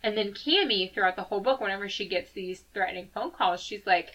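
A woman co-hosting a podcast, retelling a book plot in casual chat, animated and full of laughter and filler words. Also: medium pitch, brisk, few pauses, muffled recording. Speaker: podcast co-host.

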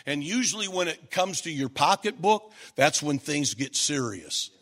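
Male preacher, high voice, unhurried sermon delivery, emphatic with shouted peaks. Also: lively intonation. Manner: emphatic, rising to shouts at key points; repetitive, stacked phrases.

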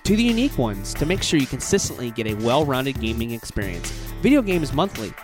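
A man's voice: mid-range voice, very animated, a little fast. A man doing a scripted, upbeat ad read for a podcast. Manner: upbeat promotional delivery. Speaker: podcast host reading an ad. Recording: music playing under the voice.

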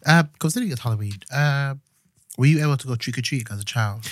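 A young man, co-hosting a podcast in relaxed, easygoing chat. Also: medium pitch, fast talker, no echo, studio quality. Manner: relaxed, easygoing with filler words. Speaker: podcast co-host. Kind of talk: casual chat.

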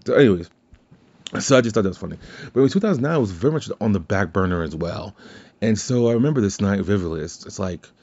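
A man's voice: low-pitched, a little mellow. A man hosting a podcast in casual chat, rambling and cursing, with many restarts. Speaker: podcast host. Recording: slightly dull lo-fi sound.

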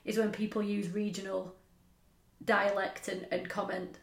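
A woman's voice: medium pitch, flat delivery, a little slow, gravelly. Chatty woman in a roomy space. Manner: laughing, chatty storytelling with dialect. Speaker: podcast co-host. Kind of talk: casual chat. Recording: roomy echo.

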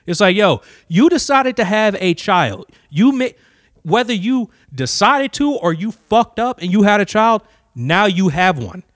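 A man ranting to camera, cursing constantly and swinging from low muttering to loud, heated outbursts. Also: sing-song, measured pace, dry recording, studio quality. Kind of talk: profane rant to camera.

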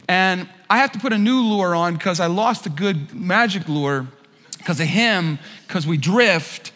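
Animated high-voiced preacher, bright hall echo. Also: male voice. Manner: animated storyteller, acts out quotes with shouts. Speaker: pastor. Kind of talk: sermon with a humorous personal story. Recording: long hall reverb.

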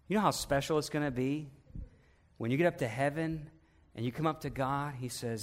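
A male pastor preaching a sermon, asking the congregation direct questions and swinging between loud emphatic peaks and hushed, intimate passages. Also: mid-range voice, a little fast.

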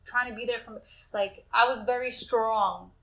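A woman's voice: fairly high pitch, fairly even intonation, measured pace, pushed and bright, low-quality recording. A young woman in casual chat, blunt and self-deprecating, who swears and asks the questions.

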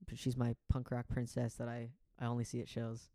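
A young man rattles through a story at a quick clip, his voice gravelly with fry. He rambles, peppering everything with "like" and cursing casually. The sound is dry and close. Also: medium pitch, monotone, mellow, no echo. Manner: rambling, heavy use of "like", frequent swearing. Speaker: podcast co-host.

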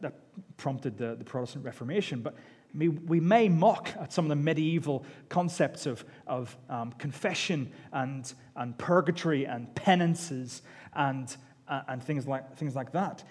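A man's voice: on the high side, a little mellow. A man preaching a sermon in a conversational, self-deprecating way, often repeating his words. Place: church hall. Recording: long echo of a large hall.

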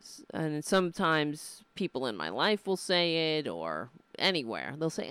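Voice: medium pitch, very animated, normal speed, few pauses, fairly bright tone, clean tone, dry recording. A livestream show host talking casually and earnestly, emotional and rambling, with frequent restarts.

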